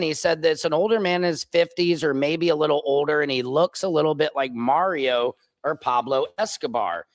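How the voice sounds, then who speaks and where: A man's voice: on the high side, no echo. A man, a stand-up comedian hosting his own show, chatting casually on a livestream and drifting off-topic with jokey asides. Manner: rambling, digressive, jokey asides.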